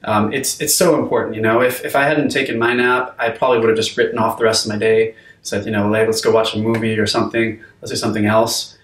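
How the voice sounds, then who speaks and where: A man's voice: fairly low pitch, flat delivery, fast, fairly bright tone, reverberant, far from the mic. A man teaching a video course on sleep, talking conversationally with frequent fillers and restarts. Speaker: course instructor. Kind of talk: unscripted video lesson.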